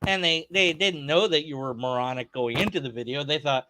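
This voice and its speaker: A man's voice: a little high, brisk, hardly any pauses, bright, forceful tone, a little hiss or hum. A man hosting a reaction video, ranting at a clip with sarcastic, exasperated, over-the-top comedy.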